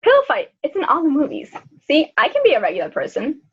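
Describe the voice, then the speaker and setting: A woman's voice: high voice, huge pitch swings, quick pace, exaggerated voice. A young woman playing a sheltered rich girl at her first sleepover in a school skit, with a breezy, matter-of-fact manner. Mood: eager. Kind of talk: student skit acting. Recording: dull lo-fi school video audio.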